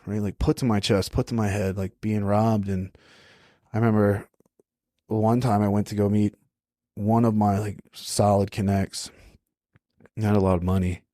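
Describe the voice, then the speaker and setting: A young adult man with a low voice tells his stories in a casual, laid-back way, checking in with "right?" as he goes. The sound is close and dry, with no room around it. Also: flat delivery, moderate pace, long pauses, mellow, no room sound. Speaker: podcast guest. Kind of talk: casual storytelling.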